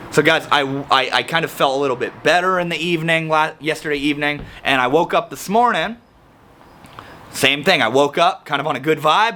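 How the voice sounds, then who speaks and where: A man's voice: fairly high pitch, fairly quick, bright, forceful tone, slight background noise. A man talking about his week in a casual personal vlog, rambling with slang and frequent restarts. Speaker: vlogger.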